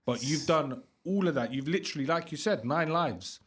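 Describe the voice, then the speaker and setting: A man's voice: on the high side, expressive, moderate pace, husky. A man hosting a podcast interview, blunt and encouraging, swearing casually as he talks. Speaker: podcast host.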